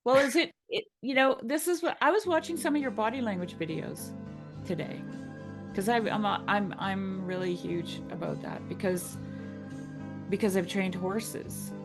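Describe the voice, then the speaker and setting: A woman of middling pitch speaks earnestly, pressing her points and asking "right?" to check in. Clear guitar music plays behind her voice throughout. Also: expressive, moderate pace. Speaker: guest. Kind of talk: casual conversation.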